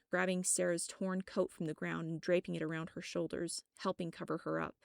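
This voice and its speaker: A woman reads first-person fiction aloud in a measured, even manner. Her voice is low and gravelly. The recording is close and dry. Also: no room sound. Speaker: audiobook narrator.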